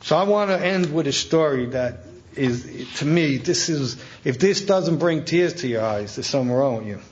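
A man preaching a sermon as a Catholic priest, telling stories in a colloquial, animated way with emphatic asides. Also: a little high, normal speed. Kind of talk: storytelling sermon. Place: talk at a conference event. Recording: dull lo-fi event recording.

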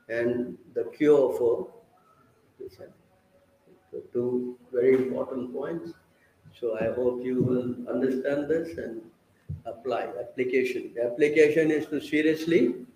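A man's voice: mid-range voice, warm tone, slight background noise. Emphatic preacher man in an echoey hall. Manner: emphatic, questioning, repeats "understand?". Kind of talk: scripture class with audience questions.

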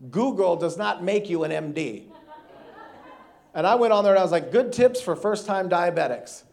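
A man in his thirties, a guest preacher telling a funny, animated personal story in a sermon with frequent laughter. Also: high-pitched, normal speed, vocal fry.

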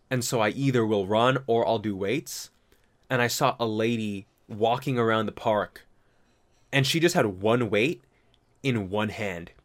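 A young man in a casual comedic monologue, rambling and animated, swearing, slipping into mock voices and laughing at his own jokes. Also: medium pitch.

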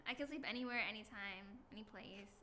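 A woman's voice: mid-range voice, fast, bright, forceful tone. A young woman in a casual couples chat, playful and giggly.

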